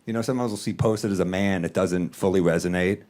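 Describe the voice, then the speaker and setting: A man in his thirties doing a stand-up set with dry, deadpan one-liners on a handheld stage mic. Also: low-pitched, fast talker. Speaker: stand-up comedian.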